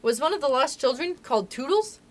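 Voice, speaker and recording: A woman reading aloud and voicing an eager, excitable little lost boy. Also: medium pitch, brisk, lightly acted. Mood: excited. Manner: excited, squealing.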